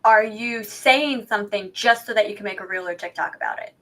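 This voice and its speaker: A woman's voice: medium pitch, brisk, fairly bright tone. A woman co-hosting a podcast in casual chat, talkative and self-deprecating, posing rhetorical questions. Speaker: podcast co-host.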